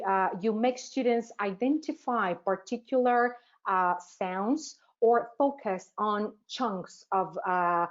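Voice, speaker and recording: A woman teacher trainer presenting a webinar, asking rhetorical questions and pausing often with "uh" fillers. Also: mid-range voice. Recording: dull, lo-fi webinar audio.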